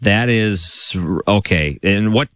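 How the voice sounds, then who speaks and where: A man's voice: lowish voice, slow, fairly bright tone, clear, resonant tone, dry recording, studio quality. A man hosting a radio call-in show, keeping a caller going with brief prompts and probing questions.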